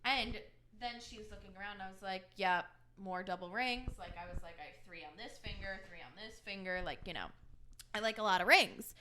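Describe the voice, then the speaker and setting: A woman's voice: mid-range voice, a little fast. A young woman co-hosting a podcast, casually telling a long story and acting out the other people's lines in her own voices. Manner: animated storyteller who acts out quoted dialogue. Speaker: podcast co-host.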